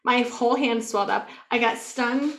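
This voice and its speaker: A woman co-hosting a podcast, telling a story in a casual, animated way, full of "like" and acting out what she said. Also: fairly high pitch, normal speed. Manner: animated, peppered with "like", acts out her own quotes. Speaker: podcast co-host.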